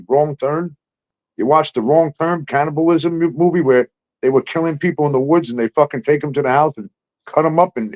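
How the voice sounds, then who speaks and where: Man, talk host, heated, profane, ranting, slightly higher voice. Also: a little mellow, rough recording. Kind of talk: casual profane chat.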